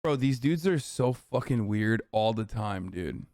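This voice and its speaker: A man's voice: fairly low pitch, animated, unhurried, a little mellow, no room sound, studio quality. A man streaming, giving loose, profane, mocking reaction commentary on videos he is watching.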